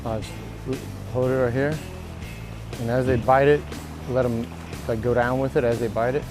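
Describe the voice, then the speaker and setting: A man's voice: mid-range voice, steady tone, normal speed, low-quality recording. A man hosting a fishing show from a boat, giving easygoing, joking tips as he fishes. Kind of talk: casual on-boat fishing commentary. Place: outdoors on a boat on the Gulf. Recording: background music over the voice.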